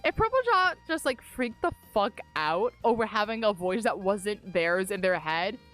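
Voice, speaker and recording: A woman's voice: mid-range voice, animated, normal speed, a bit bright, faint music behind. A woman streamer and game master, rambling and swearing as she recounts a tabletop session while gaming. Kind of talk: casual storytelling while gaming.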